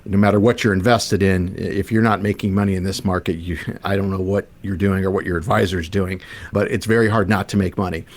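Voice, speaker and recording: Fast-talking low-voiced financial planner man. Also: steady tone. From Arizona. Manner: loose, conversational, with many "you know" fillers. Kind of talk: radio talk show chat.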